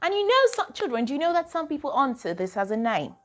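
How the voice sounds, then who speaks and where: A woman's voice: sits high, big pitch swings, fast talker. A woman teaching a pronunciation lesson to children. She drills words one at a time and asks and answers her own questions.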